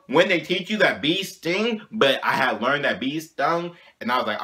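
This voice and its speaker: A young man telling a childhood story in a casual vlog, animated and slangy, often checking in with "you know what I'm saying". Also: fairly high pitch, normal speed, hardly any pauses. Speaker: vlogger.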